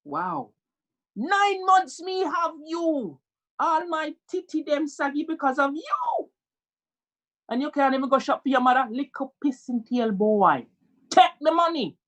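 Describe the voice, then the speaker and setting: A man's voice: a little high, takes it slowly, long pauses, no echo. A man doing a scolding Jamaican mother. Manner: scolding, heavy Jamaican patois. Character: scolding Jamaican mother, fierce and sharp-tongued.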